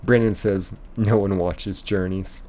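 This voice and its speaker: A man's voice: sits low, fairly even intonation, a little slow, darkish tone. A young man streaming live, casually reading chat messages aloud and rambling with lots of ums and likes.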